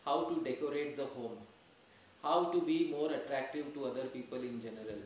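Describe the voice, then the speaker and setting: A man teaches a religious class, emphatically explaining points and repeating key phrases, recorded from far away in a very echoey temple hall. His mid-range voice is a little fast and a little mellow, with slight hiss or hum.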